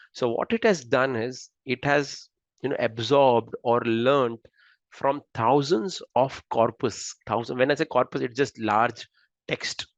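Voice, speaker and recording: A man's voice: medium pitch, no room sound, muffled recording. A man with an Indian accent giving a slide lecture in a chatty, conversational way, often checking in with "right?". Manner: conversational, keeps asking "right?".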